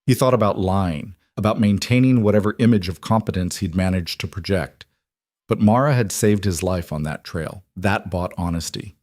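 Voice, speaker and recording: A man narrating a scripted story in a measured, even storytelling manner. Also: low-pitched, no room sound, clean studio sound.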